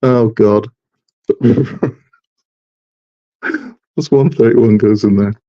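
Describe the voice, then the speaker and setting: A man's voice: on the low side, steady tone, very slow, muffled recording. A man hosting a live model build stream, chatting casually and joking with frequent laughter. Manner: joking, rambling, laughs often.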